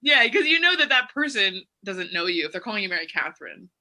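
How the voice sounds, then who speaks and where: A woman co-hosting a podcast, chatting casually and telling animated stories with loud acted quotes. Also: medium pitch, fast talker. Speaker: podcast co-host. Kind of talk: casual chat.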